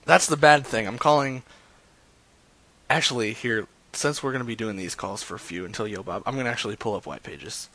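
A man's voice: mid-range voice, fairly quick, bright, forceful tone. A man streaming live, chatting loosely with his viewers between prank calls, with lots of fillers and jokes. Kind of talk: casual live-stream chat.

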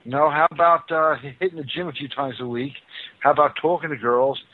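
A man with a fairly high voice speaks briskly as he hosts a call-in talk radio show, lecturing callers in a blunt, mocking way. The sound is narrow and phone-like, typical of radio.

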